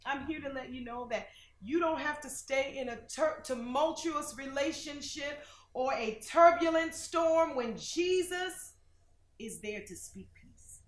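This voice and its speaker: A woman minister preaching on a TV broadcast, dramatic and questioning, swinging between loud and soft. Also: on the high side, echoey room. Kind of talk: preaching sermon with call-and-response.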